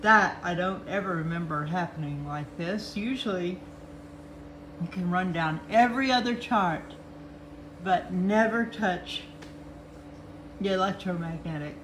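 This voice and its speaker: Woman, livestream host, unhurried speech, friendly greetings to viewers, echoey room, faint background noise. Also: on the low side, a bit bright. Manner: greets viewers by name, laughs often. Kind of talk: casual live chat.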